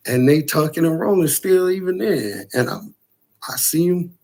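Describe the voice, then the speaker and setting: A man casually telling a profane, animated story about a frightening night. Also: fairly high pitch, normal speed.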